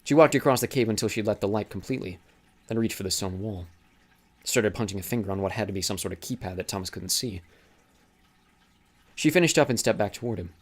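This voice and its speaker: Low-voiced man narrating an audiobook. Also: fast talker, pauses often. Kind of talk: scripted narration.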